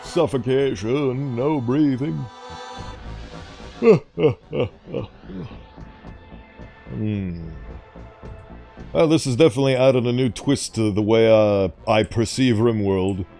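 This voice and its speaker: A man's voice: mid-range voice, unhurried, dark tone, soft background music. A man giving casual gameplay commentary with theatrical, mock-grand asides. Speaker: gaming YouTuber.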